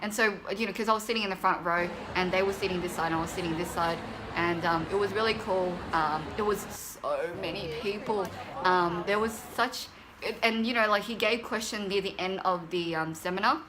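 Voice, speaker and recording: A woman telling a story in a casual vlog, chatty and animated, with lots of fillers and quotes acted out in a high excited voice. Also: a little fast, a crowd in the background. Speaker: vlogger.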